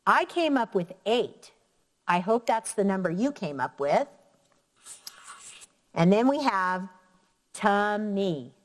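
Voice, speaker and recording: A woman teacher giving a slow, clear lesson to young children, counting out syllables. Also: medium pitch, big pitch swings, long reverb tail. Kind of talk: elementary classroom lesson.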